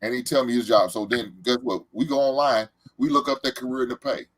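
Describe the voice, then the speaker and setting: A man in his forties hosts a casual podcast chat, telling stories at an easy pace with plenty of fillers. His voice is a bit husky, and the sound is dry and close to the mic. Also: medium pitch, fairly even intonation, brisk, dry recording, poor audio. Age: 40s. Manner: laid-back, repetitive storytelling with many fillers. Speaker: podcast host.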